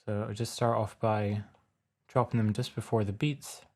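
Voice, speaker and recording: A man casually talking through a music production tutorial step by step in a relaxed, plain way. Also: on the low side, moderate pace. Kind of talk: casual screen-recorded tutorial.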